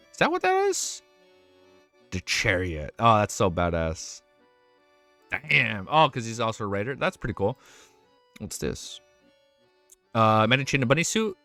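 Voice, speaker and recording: Excitable swearing male streamer. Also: medium pitch, dry recording. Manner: excitable, swears often, quick exclamations. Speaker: streamer reacting to fan art. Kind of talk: casual live-stream reaction.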